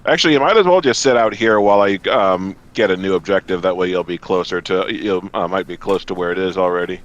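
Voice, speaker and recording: A man's voice: sits low, fast, muffled recording. A man playing an online game with friends, exasperated and swearing freely as he talks. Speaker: gamer in a co-op group. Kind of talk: casual gaming voice chat.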